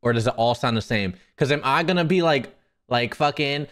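A man's voice: on the high side, a little fast, a bit bright, clear, resonant tone. A young man streaming casually, joking and swearing as he stumbles over new phrases. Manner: joking, profane, self-mocking. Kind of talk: casual livestream chat.

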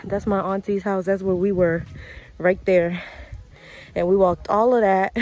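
A woman's voice: mid-range voice, steady tone, unhurried, a little mellow, highs cut off. A young woman from the Dominican Republic, vlogging while hiking up a mountain trail, out of breath and laughing often, with her family talking nearby. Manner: breathless and giggly, with frequent laughs. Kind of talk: casual vlog chat. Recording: other voices chattering nearby outdoors.

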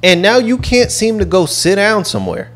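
A man's voice: high-pitched, wildly swooping pitch, moderate pace, a bit bright, soft background music. A man co-hosting a podcast, talking in a blunt, fired-up casual way and swearing freely. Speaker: podcast co-host. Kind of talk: casual chat.

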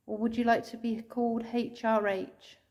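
An English woman ghost hunter calling out to spirits indoors, speaking slowly and tenderly, sometimes tearful, recorded on a handheld camera. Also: fairly high pitch, little pitch movement. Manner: soft, pleading, slow and tender, calling out with endearments. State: tearful at times.

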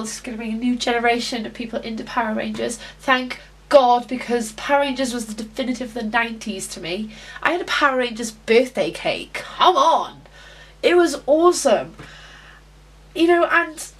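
A young woman vlogging her reaction to a trailer, gushing and emotional, close to tears. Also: on the high side. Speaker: YouTube vlogger.

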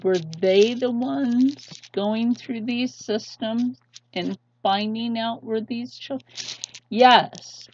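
A woman's voice: a little high, slow, a little mellow, slight background noise. A woman hosting her own channel, delivering an impassioned, pleading vlog rant with heavy emphasis. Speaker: channel host. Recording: dull lo-fi sound.

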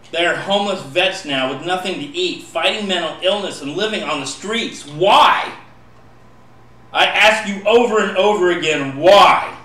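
A poet recites spoken-word poetry with real passion, his high voice climbing into pleading shouts. He sits far from the mic in an echoey room.

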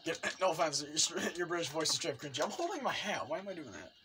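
A young man hosting a gaming video, commentating excitedly and teasing his opponent with frequent yelps and laughs. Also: fairly high pitch, quick pace, background noise. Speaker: gaming channel host.

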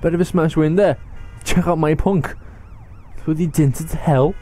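A man's voice: on the high side, a little slow, mellow. A young man giving let's play commentary on a driving game, exclaiming and laughing often. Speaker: gamer.

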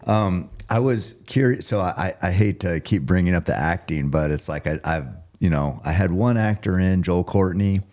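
A man's voice: low-pitched, expressive, moderate pace, few pauses, darkish tone. A man hosting a podcast, asking rambling conversational questions. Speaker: podcast host. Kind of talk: casual interview conversation.

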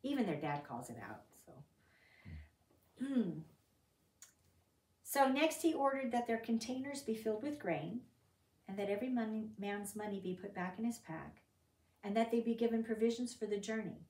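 A woman with a slightly high voice leads a Bible study at a normal speed, pausing often. She reads scripture aloud with lively emphasis and asks her group questions conversationally, heard from a distance in an echoey room.

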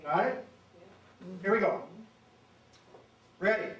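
Leading an audience in chants like a conductor, this man gives a playful birding talk as a guest presenter at a society meeting hall. His high, slightly bright voice has lively intonation and takes it slowly, with the audience audible through a distant mic in an echoey hall.

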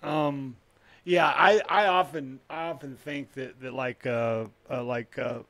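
A man's voice: mid-range voice, fairly even intonation, takes it slowly, gravelly, fairly bright tone, no room sound. A man co-hosting a casual comedy podcast, rambling with lots of restarts and fillers and swearing freely. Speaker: podcast co-host.

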